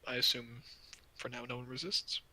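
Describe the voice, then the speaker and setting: A man's voice: medium pitch, steady tone, normal speed, gravelly, bright, forceful tone, low-quality recording. A man narrating a tabletop game as game master, in a casual, loose way full of fillers.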